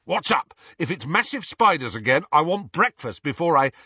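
A man voicing an excitable, blunt teenage boy who blurts things out, in a dull-sounding recording. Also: on the high side, normal speed, slightly rough, no room sound, pitched above the performer's own voice, exaggerated voice. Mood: excited. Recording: dull lo-fi audio.

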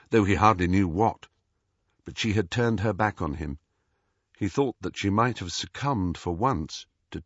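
A man reading an audiobook as narrator, in a measured storytelling way. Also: lowish voice, husky, dry recording. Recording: dull, slightly muffled dry audio.

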